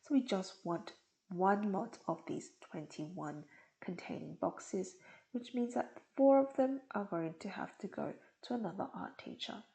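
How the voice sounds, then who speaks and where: Gravelly, mellow-voiced woman tutor. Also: medium pitch, a little slow, low-quality recording. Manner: patient, step-by-step explaining. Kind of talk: explaining test questions.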